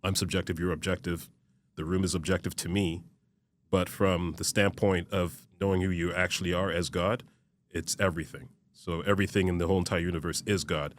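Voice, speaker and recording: Low-voiced man in his fifties, measured. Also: flat delivery, slight background noise. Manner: measured, reflective, trails off softly at phrase ends. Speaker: podcast guest. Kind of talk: casual conversation.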